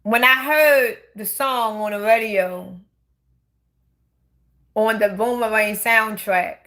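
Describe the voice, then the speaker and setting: A middle-aged woman telling her own life story in a casual late-night talk, emotional and halting, often restarting and repeating her words. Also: fairly high pitch, bright, forceful tone.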